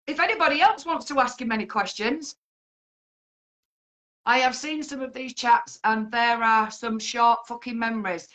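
A woman with a high, piercing, bright voice hosts a live stream. She argues and swears hard at a guest, throwing one insult after another. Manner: confrontational, swearing, shouting insults. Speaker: livestream host. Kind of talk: heated live-stream argument.

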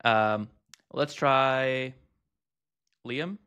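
Bright-voiced man casually reviewing software. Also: mid-range voice, clear, resonant tone, lo-fi sound. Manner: chatty, thinking aloud with fillers and quick asides. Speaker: host reviewing text-to-speech tools.

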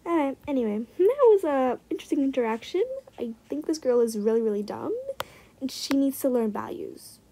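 A young woman giving casual, excitable commentary while trading in a game, often dropping into muttered asides. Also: sits high, slightly rough, rough recording. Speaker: gaming vlogger.

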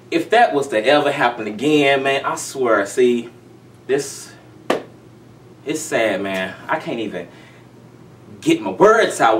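A man's voice: mid-range voice, far from the mic. Emphatic male vlogger, heated repetitive rant; roomy sound, set back from the mic. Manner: heated, emphatic, repeats himself. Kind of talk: ranting commentary vlog.

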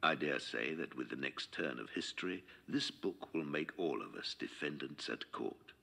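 A man's voice: extremely low pitch, lively intonation, normal speed, gravelly, sharp tone, breathy edge. A man reading out a quotation in a grave, denouncing tone.

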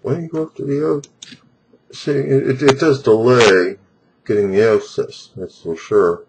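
低めの声の男性が、自宅での歯のセルフケアを説明しながら、言い直しを交えて途切れ途切れに考えを口にする。背景にかすかなノイズ。. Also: male voice, lowish voice, a little mellow, a little hiss or hum, poor audio. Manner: halting, thinking aloud with frequent restarts. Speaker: home dental self-care demonstrator. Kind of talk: talking through a self-treatment on camera.

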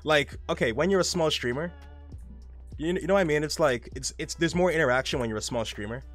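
A man's voice: a little high, fast talker, a bit bright, soft background music. A young man streaming a game live, rambling casually, reading chat aloud and swearing often.

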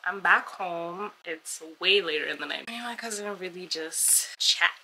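A young woman vlogging casually, chatty and expressive with lots of slang. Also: fairly low pitch, moderate pace, a little hiss or hum, rough recording. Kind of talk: casual vlog chat.

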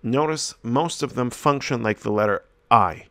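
A male teacher explaining a reading lesson step by step, slowing down to sound out example words and lifting his voice to stress key points. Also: medium pitch, creaky, fairly bright tone, dry recording.

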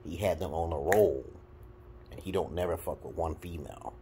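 A man's voice: a bass voice, normal speed, a little hiss or hum. A man from Brooklyn with a New York accent, talking bluntly and crudely to the camera in a casual rant of dating advice. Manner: blunt, crude, animated, swings between loud and muttered. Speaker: vlogger giving dating advice.

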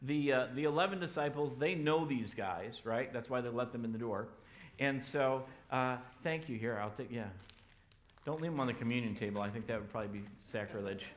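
A man preaching a sermon as pastor in a church, loud and energetic. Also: mid-range voice, fairly quick.

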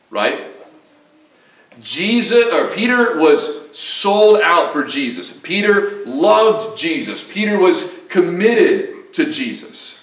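A man's voice: fairly high pitch, fairly bright tone. A man with a Southern US accent preaching an earnest, emphatic sermon as pastor, often repeating phrases for weight. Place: church sanctuary. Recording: echoey church sanctuary, voice from a distance.

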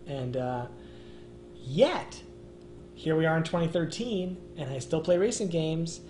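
A man's voice: a little high, animated, measured pace, darkish tone, echoey room, slight background noise. A man hosting a casual gaming chat stream, talking emphatically and peppering his speech with "man" and "dude". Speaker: show host.

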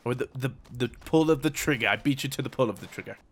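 A man commenting on his own gameplay, switching between mock-serious war narration and excited, jokey outbursts. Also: medium pitch, fast, slightly rough. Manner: jokey, teasing. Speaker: gaming YouTuber.

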